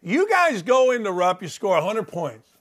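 A man's voice: high-pitched, sing-song, normal speed, fairly bright tone. A man from Indiana hosting a sports talk show, telling stories with energy and emphasis.

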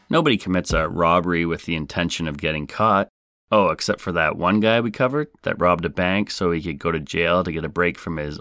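A man with a very low voice hosts a comedic true-crime podcast, trading in sarcasm and playful asides. His voice is close and dry, with no room sound around it. He keeps the jokes rolling as he narrates. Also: fairly bright tone, dry recording. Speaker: podcast host.

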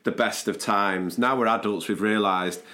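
A man, hosting a podcast in casual chat, chirpy and jokey, sometimes dropping low and soft while recounting. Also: fairly even intonation, normal speed. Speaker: podcast host.

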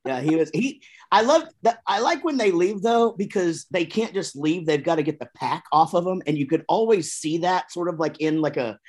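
Husky man, rambling and jokey. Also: on the high side, animated, moderate pace, hardly any pauses, darkish tone. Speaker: guest musician. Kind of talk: casual podcast chat. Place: room with gold records behind him.

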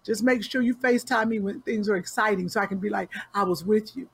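A woman's voice: mid-range voice, quick pace, gravelly, breathy edge. A woman host in casual chat who gives advice in a direct, caring, teasing way and speaks informally. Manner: informal speech with dropped verbs.

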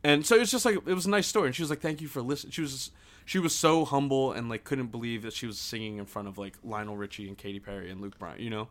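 A young man co-hosting a podcast, telling stories in a profane, excitable casual chat. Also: mid-range voice, fast. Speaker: podcast co-host.

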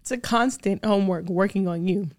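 A woman's voice: medium pitch, a little fast, a little mellow. Earnest woman firing rhetorical questions. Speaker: podcast guest, actor and producer. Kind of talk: candid interview talk.

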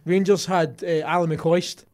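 A man's voice: on the high side, flat delivery, unhurried, a little mellow. A man with a Scottish accent, chatting casually as a podcast co-host and sharing anecdotes. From Scotland.

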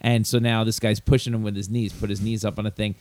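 A man's voice: fairly low pitch, flat delivery, quick pace, darkish tone. Chatty man hosting a podcast. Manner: chatty, laughs often, tells anecdotes. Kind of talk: casual podcast chat.

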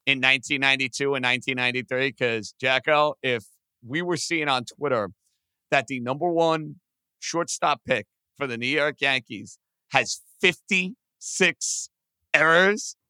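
A man co-hosting a casual sports podcast, talking in an excitable way and leaning on "like" a lot. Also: medium pitch, clear, resonant tone, dry recording. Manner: excitable, talks fast with lots of "like". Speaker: podcast co-host.

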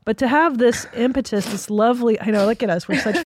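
A woman's voice: a little high, fairly quick, darkish tone, slight background noise. A woman hosting a podcast, chatting candidly and swearing freely. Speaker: podcast host. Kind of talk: casual podcast chat.

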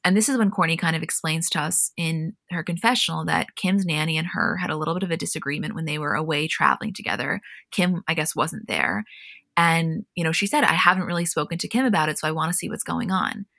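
A woman co-hosting a recap show, chatting casually and reading scenes aloud in an animated way. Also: deep voice, fast talker, gravelly, no echo, clean studio sound. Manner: animated, reads quotes verbatim with frequent "like". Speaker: podcast co-host.

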